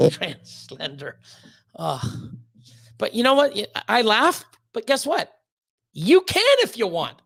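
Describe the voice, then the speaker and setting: A woman's voice: fairly high pitch, wildly swooping pitch, measured pace, vocal fry, long pauses, fairly bright tone. A woman streamer ranting casually to her chat, swearing constantly and stumbling over her words as she gets worked up. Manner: swears constantly, stammers and restarts when worked up. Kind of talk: heated casual rant.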